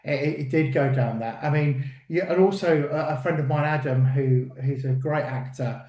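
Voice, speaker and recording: A man, a working actor, telling stories in a casual interview, lively and full of fillers and restarts. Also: mid-range voice, moderate pace, roomy sound. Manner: animated storyteller, acts out quotes, many fillers.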